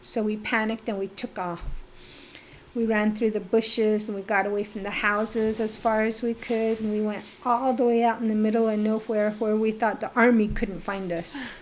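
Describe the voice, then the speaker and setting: A middle-aged woman from the Navajo Nation, telling her life story as a podcast guest in a lively, animated way. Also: mid-range voice, moderate pace, slight background noise. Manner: animated storyteller who acts out remembered voices. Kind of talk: personal storytelling in a casual interview.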